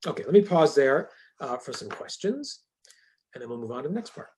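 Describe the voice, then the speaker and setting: A man's voice: mid-range voice, very animated, brisk, a little mellow, breathy edge. A male professor giving a university lecture in a conversational way, with dry humorous asides.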